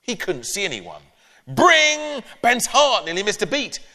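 Author-storyteller, man; bright, animated read-aloud and chat; echoey live hall. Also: high-pitched, normal speed. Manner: expressive, playful storytelling. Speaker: author reading his own book. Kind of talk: storybook reading, then interview answers.

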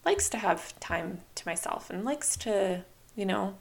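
A young woman talks through her own podcast in a loose, chatty way, dropping "like" and "you know" all through her sentences. Her voice sits in a middle range with a gravelly fry at the ends of phrases, and she slips into livelier voices when she quotes herself. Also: mid-range voice, expressive, measured pace. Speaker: podcast host. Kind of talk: casual solo podcast talk.

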